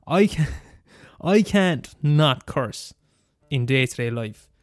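Speaking slowly in a fairly high voice, a young Irish man in his twenties delivers a sweary, lively monologue as a student radio host. The sound is clean studio audio with no room tone.

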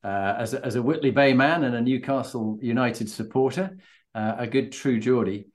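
A man's voice: mid-range voice, normal speed. A man hosting an interview, asking conversational questions. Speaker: podcast host.

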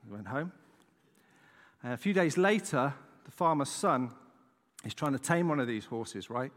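A man's voice: medium pitch, lively intonation, normal speed, a bit bright, long reverb tail. A man preaching a casual sermon, chatty and conversational, tossing in "right?" asides as he tells a story.

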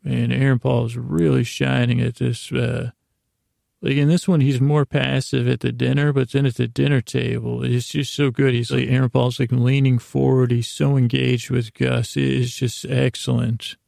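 A man's voice: mid-range voice, flat delivery, normal speed, gravelly, dark tone, dry recording, clean studio sound. A man hosting a sleep podcast, rambling through a casual bedtime recap with meandering restarts.

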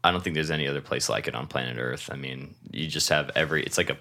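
A young man from Washington state co-hosts a podcast with a very deep voice that still has a bright, forceful edge. He rambles through stories in casual chat, laughing often and swearing without a second thought. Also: quick pace. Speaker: podcast co-host.

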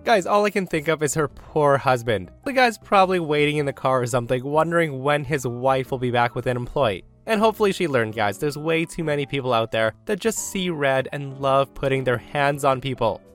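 A man of middle pitch reads online stories aloud and talks casually to his listeners, addressing them directly. Soft music plays faintly under his voice. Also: expressive, brisk, few pauses. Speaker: story narrator.

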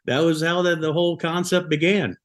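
A man's voice: a little high, little pitch movement, fairly quick. A man from Buffalo, New York, a restaurant co-founder guest telling rambling anecdotes on a podcast, often restarting his sentences. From Buffalo, New York, USA. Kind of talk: casual podcast storytelling.

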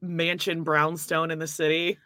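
Lower-voiced woman co-host with a cold. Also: normal speed, no room sound, studio quality. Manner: leads the topics, steady and wry. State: coming down with a cold, clearing throat. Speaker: podcast co-host. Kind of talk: casual chat.

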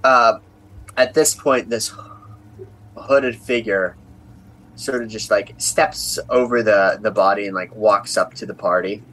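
A man narrating as game master of a tabletop game, describing scenes in a halting way with many fillers. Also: lowish voice, a bit bright, poor audio.

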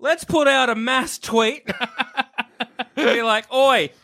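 Young man, jokey podcast co-host, high bright voice, quick goofy riffs. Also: vocal fry. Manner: goofy, quick, joking, drops loud asides. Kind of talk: casual chat.

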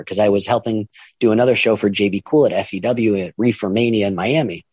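A man's voice: on the low side, fast, a little mellow, slightly rough, no echo. Casting note: middle-aged male promoter, rambling storyteller, dry close sound. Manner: rambling, acts out quoted voices. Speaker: wrestling promoter and trainer. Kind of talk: casual storytelling monologue.

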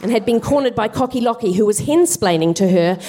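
A woman's voice: a little high, expressive, fairly quick, background noise. A woman comedian telling a comic story live on a theatre stage, with wry, chatty asides. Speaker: guest comedian.

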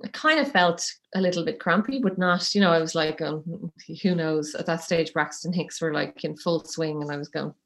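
Chatty woman with a low voice. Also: moderate pace, hardly any pauses, fairly bright tone. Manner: chatty, laughs often, acts out quotes. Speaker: guest telling her birth story. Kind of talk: casual storytelling.

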